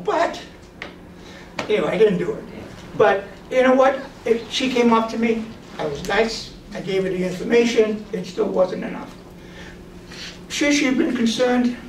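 A man casually telling stories about his drone photography work, animatedly acting out the voices of the people he quotes. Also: high-pitched. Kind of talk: casual storytelling. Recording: roomy, distant mic, noisy.

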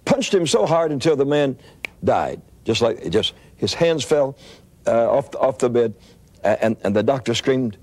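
An older male preacher tells a story from the pulpit, his pitch rising and falling in lively swoops. He talks in an animated, rambling way, often stumbling and restarting his phrases. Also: normal speed, husky. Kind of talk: storytelling sermon.

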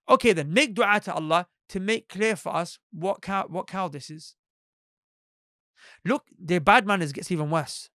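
Animated man teaching. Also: high voice, no echo, clean studio sound. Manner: animated, acts out quoted voices; asks the listeners rhetorical questions. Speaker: Islamic teacher. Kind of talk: Quran lesson talk.

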